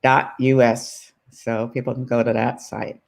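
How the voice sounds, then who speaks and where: A woman's voice: rumbling low, flat delivery, unhurried, creaky, a little mellow. A woman author guest on a video call, hesitant and polite. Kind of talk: casual chat.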